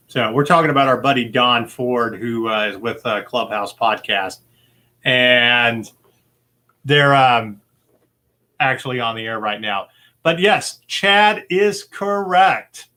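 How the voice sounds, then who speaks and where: A man's voice: medium pitch, slow, pauses often, sharp tone. A man hosting a casual podcast movie quiz, upbeat and chatty, laughing easily. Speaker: quiz host.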